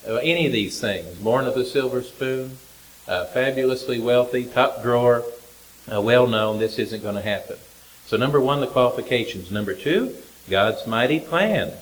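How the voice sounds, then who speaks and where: A man's voice: mid-range voice, rough recording. An older man, a country doctor giving a folksy, self-deprecating sermon with wry humor. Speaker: lay preacher, country doctor.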